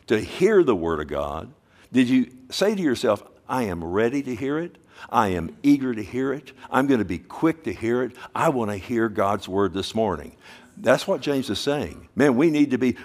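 A middle-aged man preaches a sermon in an ordinary mid-range voice. He talks with his congregation in a conversational way and keeps asking them questions. He slows down to lean on phrases from scripture. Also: mid-range voice, a little mellow. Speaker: pastor.

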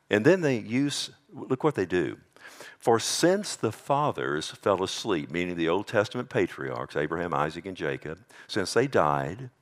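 Animated preaching man. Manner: animated preaching, mimics scoffers in a high mocking voice. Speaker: pastor. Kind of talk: sermon.

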